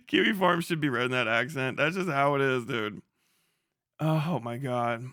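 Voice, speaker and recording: Bright, mocking young male streamer. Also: mid-range voice, sing-song, unhurried, dry recording, studio quality. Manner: profane, mocking, laughs often. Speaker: live streamer. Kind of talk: casual livestream commentary.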